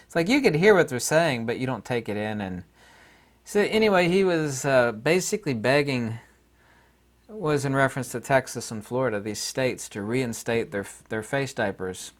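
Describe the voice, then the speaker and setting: A man's voice: medium pitch, animated, moderate pace. A man talking casually to camera in his vlog, sarcastic and rambling, often laughing at his own remarks. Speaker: YouTube vlogger.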